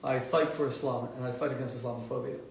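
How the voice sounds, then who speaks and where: A man, a rabbi hosting his own show, telling stories with animated, emphatic delivery and frequent restarts. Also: fast, gravelly, heavy reverb, distant mic, slight background noise, poor audio. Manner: animated, emphatic, rises sharply in pitch when stressing points, frequent restarts. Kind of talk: impassioned storytelling monologue.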